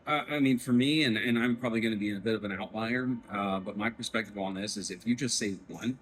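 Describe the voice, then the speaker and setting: Earnest man with a low voice. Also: quick pace, slightly rough, rough recording. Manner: earnest, agreeable, softly emotional. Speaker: podcast host. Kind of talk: casual interview chat. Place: festival booth, indoors.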